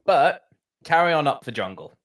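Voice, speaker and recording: A man's voice: fairly high pitch, big pitch swings, moderate pace, fairly bright tone. A man co-hosting a podcast in casual chat, rambling, often restarting his sentences and swearing casually. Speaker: podcast co-host.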